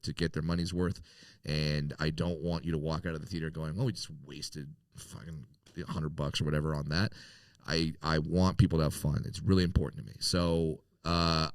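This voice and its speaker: A man's voice: extremely low pitch, clean tone, no room sound. A man talking loosely as a comedian guest in a casual interview, joking, swearing freely and restarting sentences.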